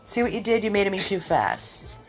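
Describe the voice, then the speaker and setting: A woman's voice: medium pitch, very animated, brisk, soft background music. A woman running a dog rescue, chatting casually to viewers and cooing at her dogs in baby talk. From Florida.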